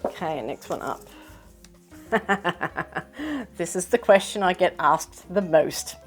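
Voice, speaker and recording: A woman's voice: fairly low pitch, slow, over music. Chatty Australian woman, middle-aged. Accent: Australian with some British influence. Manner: chatty, self-deprecating, laughs often. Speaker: sewing vlogger. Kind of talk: casual chat to camera.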